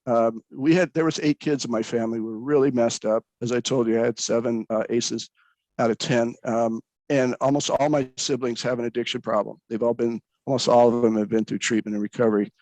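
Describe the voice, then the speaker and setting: A man's voice: mid-range voice, steady tone, brisk, darkish tone, no echo, rough recording. A man, a pastor in recovery, speaking earnestly about his own story, with frequent restarts. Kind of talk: candid personal storytelling.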